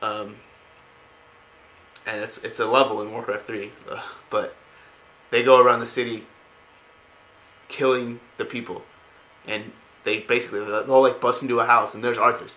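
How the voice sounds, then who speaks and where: A man's voice: mid-range voice, flat delivery, moderate pace, pauses often, pushed and bright, poor audio. A man casually retelling video game lore, rambling with many fillers.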